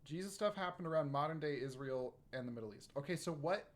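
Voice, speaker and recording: Rambling mid-pitched stream co-host. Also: lively intonation. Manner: rambling, halting, full of restarts. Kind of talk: casual stream chat.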